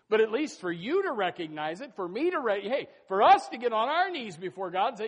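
A man preaching a sermon as pastor, emphatic and folksy, swinging between loud bursts and soft asides and repeating his phrases. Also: high-pitched, big pitch swings, normal speed, background noise. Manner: folksy, addresses listeners as folks and says amen.

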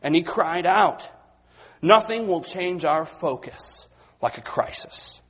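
A man preaching a sermon, moving between quiet, low passages and loud, excited retellings of the disciples. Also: slow, slightly rough. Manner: dynamic, swings from quiet to loud and high when acting out the disciples.

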